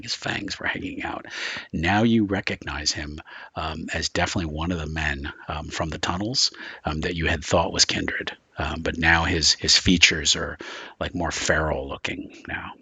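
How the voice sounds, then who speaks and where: A man's voice: low voice, pushed and bright, breathy edge, no room sound. A man running a tabletop horror game as game master, describing scenes in a loose, rambling way full of filler words.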